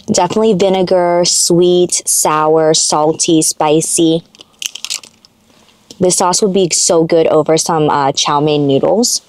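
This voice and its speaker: Woman, eating-show host, casual chat, excitable, rambling, slightly low voice, in a car. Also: slight background noise. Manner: chatty and excitable, rambling asides. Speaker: mukbang host.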